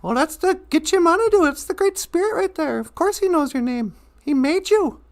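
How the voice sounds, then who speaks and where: A woman's voice: very high-pitched, lively intonation, fairly quick. Woman doing a rambling old eagle. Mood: matter-of-fact. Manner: rambling, self-mocking. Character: chatty wise old male eagle.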